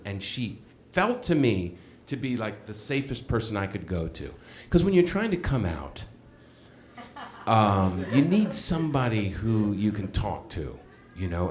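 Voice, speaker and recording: Animated self-mocking male storyteller. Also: on the low side, a little slow, a little hiss or hum. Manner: animated, self-mocking, acts out quoted voices. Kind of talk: live comedic storytelling.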